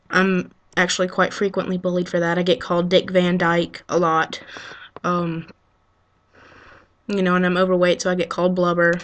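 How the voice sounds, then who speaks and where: Flat-voiced woman sighing through a webcam vlog. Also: lowish voice. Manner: halting and emotional, full of ums and you-knows. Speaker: vlogger. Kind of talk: unscripted heartfelt monologue to camera. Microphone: built-in webcam mic.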